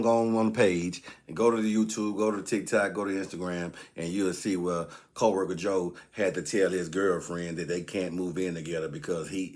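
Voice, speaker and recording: A man telling a comedic story in casual chat, animated and leaping into higher voices when quoting people.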